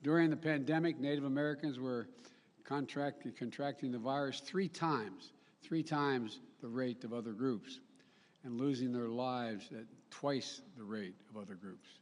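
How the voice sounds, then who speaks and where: Older male politician, mid-pitched, rambling formal speech, live in a reverberant hall. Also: a little slow. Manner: rambling, self-correcting, folksy asides. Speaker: head of state giving a speech. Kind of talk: formal public speech with ad-libs.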